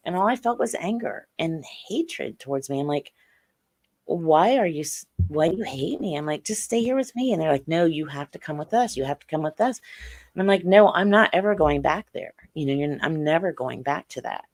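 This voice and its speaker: A woman's voice: low voice, animated, moderate pace, darkish tone. A middle-aged woman, a podcast guest, telling her experiences in earnest detail. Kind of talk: interview on a podcast.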